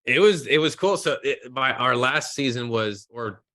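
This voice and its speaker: A man in his thirties, a former pitcher, chatting casually as a podcast guest and acting out the dialogue in his stories. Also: moderate pace, no echo, clean studio sound. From Mexico. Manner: animated storyteller, acts out quoted dialogue. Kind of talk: casual chat.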